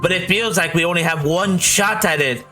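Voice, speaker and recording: A man voicing an earnest teenage girl who leads a literature club, in a soft falsetto. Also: moderate pace, soft background music. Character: poised teen girl, literature club president.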